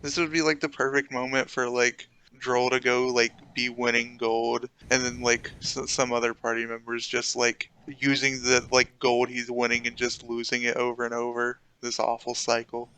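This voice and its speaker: A man joking around at a tabletop game, his talk strung together with fillers. His voice is bright and very smooth, held in a flat, narrow pitch. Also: normal speed. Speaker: player. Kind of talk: casual tabletop play.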